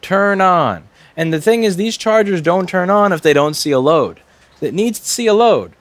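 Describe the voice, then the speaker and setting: Brief: repair technician streaming at his bench, wry and profane, animated pitch. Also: moderate pace, no room sound. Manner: profane, wry, talks to himself and the board. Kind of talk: live repair stream, explaining as he works.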